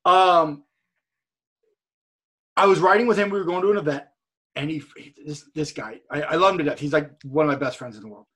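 A man with a husky, grainy voice that sits a bit high for a man tells a rambling story over a video call. He talks with energy and swears freely, and he stumbles over repeated words. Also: brisk, pauses often, fairly bright tone. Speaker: guest, streamer and wrestler. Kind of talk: casual storytelling chat.

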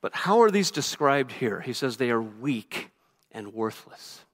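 A man preaches a sermon in a rushed, earnest flow, stumbling over and restarting his phrases. His voice sits at an ordinary middle pitch. A long reverb trails every line, as in a church sanctuary. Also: very animated, a bit bright. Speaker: pastor. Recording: reverberant hall.

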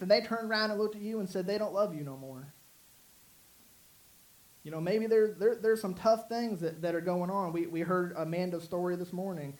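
A man's voice: high voice, moderate pace, a little mellow, low-quality recording. A man preaching a sermon in an earnest, rambling way, with many restarts. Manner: earnest, repetitive with frequent restarts and fillers. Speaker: pastor.

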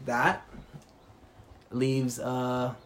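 A man co-hosting a podcast, speaking in a relaxed, low-key way, mostly giving short replies and asides. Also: drawn-out words. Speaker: podcast co-host. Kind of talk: casual chat.

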